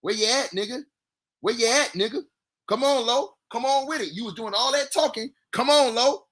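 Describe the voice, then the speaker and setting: Hyped high-voiced man trash-talking on stream. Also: moderate pace. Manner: loud, repetitive, trash-talking. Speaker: livestream sports commentator. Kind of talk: hyped livestream sports talk.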